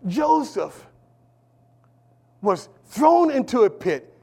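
Male pastor, very high voice, call-and-response preaching, shifts from shouting to hushed. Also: big pitch swings, extremely slow, husky. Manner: preaching with call-and-response, swings between shouting and near-whisper. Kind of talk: sermon.

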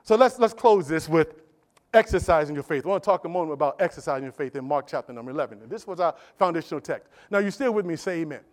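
A man's voice: a little high, lively intonation, quick pace. A male pastor preaching a sermon, emphatic and repetitive, calling on the congregation to answer back.

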